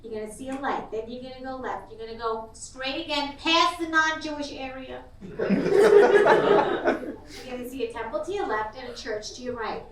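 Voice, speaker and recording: Woman voicing a know-it-all mother GPS, nagging, high-pitched, echoey room, distant mic. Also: moderate pace, very noisy, close to an everyday voice. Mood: bossy. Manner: bossy, guilt-tripping. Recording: echoey club, far mic, loud crowd.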